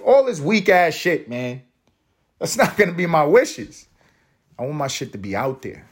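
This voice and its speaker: Speaking at normal speed in a slightly rough voice, a man raised in US projects by a Puerto Rican family hosts a solo podcast. His comedic monologue is profane and rambling, full of laughter at his own jokes and sudden jumps to a high, excited pitch for emphasis.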